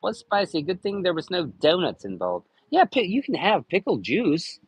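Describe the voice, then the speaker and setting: Husky, crude, rambling man on a stream. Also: high-pitched, wildly swooping pitch, normal speed, no room sound, rough recording. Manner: crude, rambling, jokey with frequent cursing. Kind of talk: casual live-stream chat.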